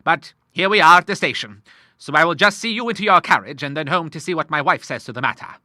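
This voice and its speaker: A bluff old naval admiral, hearty and courteous, peppering his talk with sea phrases, as a male audiobook reader plays him. His voice is bright and lively, a touch higher than plain speech. It is recorded close and dry. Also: quick pace, no room sound. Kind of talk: audiobook character voice.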